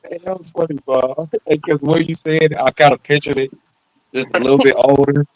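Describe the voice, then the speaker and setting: A man's voice: on the high side, steady tone, brisk, no room sound, poor audio. A man on a call-in panel bantering and teasing in a playful way. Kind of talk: casual call-in chat.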